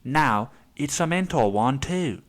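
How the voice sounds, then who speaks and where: A man putting on a mock British accent to play a pompous older documentary commentator, pitched higher than his own voice. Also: expressive, takes it slowly. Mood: pontificating. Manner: higher, exaggerated put-on accent.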